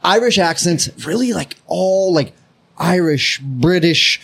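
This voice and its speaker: Loud american guy hosting a podcast, husky, swears a lot, voice bounces all over. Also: high voice, expressive, slow pace. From United States. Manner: loud, laughing, swearing banter. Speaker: podcast host. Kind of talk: casual podcast chat.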